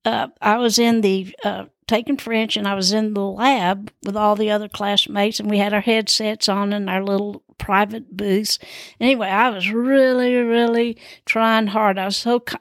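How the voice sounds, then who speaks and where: Woman host, fairly high voice with gravelly fry, meandering self-deprecating storyteller, dry close sound. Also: dry recording. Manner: chatty, meandering, self-deprecating, laughs at herself. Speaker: podcast host. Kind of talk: rambling personal storytelling.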